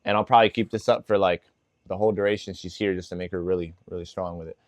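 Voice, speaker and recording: A man's voice: deep voice, steady tone, quick pace, dry recording. A man working as a dog trainer, giving casual instructional tips with lots of "like" and "you know".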